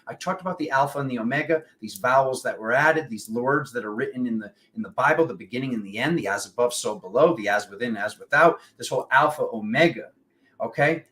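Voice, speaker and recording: A man's voice: mid-range voice, fast talker. A young adult man talking casually and rambling about spiritual topics, often acting out what friends said to him. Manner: rambling, animated, quoting friends in voices. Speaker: spiritual channel host.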